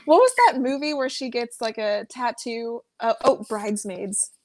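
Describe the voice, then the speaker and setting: A woman's voice: a little high, normal speed, a little mellow. Giggly rambling woman on a call. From small farming town in the United States. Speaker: guest fragrance reviewer. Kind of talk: casual livestream chat.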